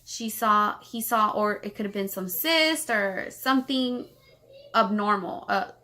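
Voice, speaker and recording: Bright-voiced vlogging woman holding back tears. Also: mid-range voice. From Los Angeles, United States. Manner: rapid rambling with many fillers and restarts. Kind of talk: emotional personal storytelling.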